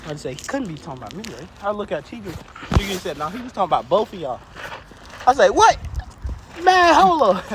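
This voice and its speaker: High-voiced man spinning a casual yarn. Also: sing-song, fast talker, noisy background. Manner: casual, swearing, playful trash talk. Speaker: co-host. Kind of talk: improvised what-if storytelling.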